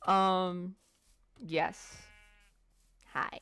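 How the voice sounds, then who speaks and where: A woman's voice: on the low side, huge pitch swings, slow pace, gravelly, long pauses, a bit bright, slight background noise. A woman giving casual, rambling gameplay commentary, muttering self-deprecating asides to herself as she plays. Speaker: let's play gamer.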